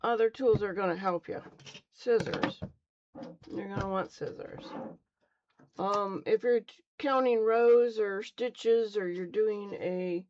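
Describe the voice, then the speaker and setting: A woman's voice: medium pitch, a little mellow, dull audio, a little hiss or hum. A middle-aged woman casually teaching beginners on a live stream, chatty and rambling, often stumbling over her words. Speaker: crochet teacher.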